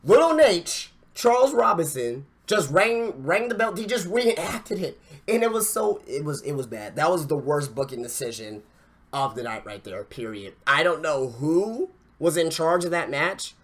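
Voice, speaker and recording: A man's voice: fairly high pitch, very animated, moderate pace, fairly bright tone. A man hosting a wrestling podcast, reviewing an event in casual talk with swearing and lots of stammered restarts. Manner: ranting, profane, stammering restarts.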